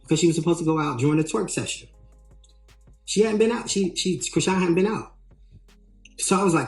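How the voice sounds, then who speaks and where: A man working as a tour manager tells a story in an animated way, re-enacting what people said with emphatic rises. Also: fairly high pitch, brisk, long pauses. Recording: roomy echo, faint music.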